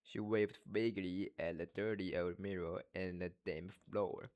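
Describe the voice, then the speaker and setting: Low-voiced man reading haltingly. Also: fairly even intonation, a little mellow. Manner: halting, stumbles and repeats words. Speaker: English learner reading aloud. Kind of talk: reading a novel aloud.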